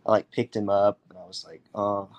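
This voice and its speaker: Young man telling an excited story. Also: lowish voice, brisk. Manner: animated, acts out others' voices, many fillers. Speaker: guest storyteller. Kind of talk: casual storytelling.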